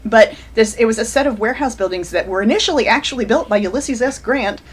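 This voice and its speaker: A woman in her forties, an author appearing as a guest on a video call, tells rambling anecdotes in casual conversation, often restarting and laughing. Her voice is on the high side, slightly rough, and quick-paced.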